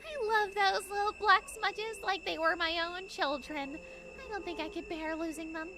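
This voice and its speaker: An actress voicing a morbid, giggly young woman with a teasing, casually macabre dark humor in a video game. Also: extremely high pitch, normal speed, music in the background. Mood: breezy.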